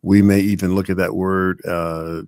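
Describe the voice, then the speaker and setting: A man co-hosting a casual talk show, playful and halting, with many restarts as he reads live comments. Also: deep voice, little pitch movement, a little mellow, no room sound, clean studio sound. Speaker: podcast co-host.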